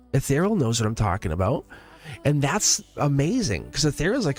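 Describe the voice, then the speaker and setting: Over faint background music, a tarot reader runs a livestream, his voice sitting on the high side with a sing-song lilt and a moderate pace. His casual chat is earnest and meandering, packed with fillers, restarts and frequent laughter between thoughts.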